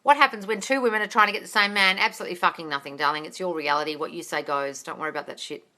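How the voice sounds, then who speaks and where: A woman's voice: lowish voice, very fast, pushed and bright. A woman coaching viewers on a live stream, reading out their comments and answering bluntly, swearing casually and calling them darling.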